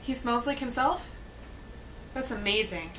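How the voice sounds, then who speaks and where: A woman's voice: on the high side, lively intonation, measured pace, pushed and bright, slight background noise, low-quality recording. A young woman chatting casually to camera about a book, blunt, sarcastic and swearing freely. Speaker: book reviewer vlogger.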